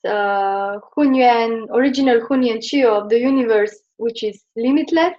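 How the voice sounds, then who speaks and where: At normal speed, with a slightly high, darkish voice, the young Slovenian woman teaches Chinese pronunciation to a class. Her delivery is hesitant and packed with fillers, and the classroom recording is dull and lo-fi.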